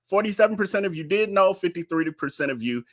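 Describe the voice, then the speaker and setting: A man's voice: high-pitched, lively intonation, fast talker. A man hosting a live stream, commenting casually in a chatty way, with fillers and laughs. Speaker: host.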